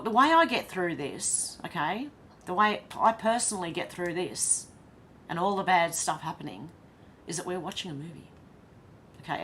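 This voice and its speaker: A woman's voice: lowish voice, fairly bright tone, slight background noise. An Australian woman hosting a casual livestream, reading viewer comments aloud and reacting with laughs. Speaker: livestream host reading chat. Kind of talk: casual live chat.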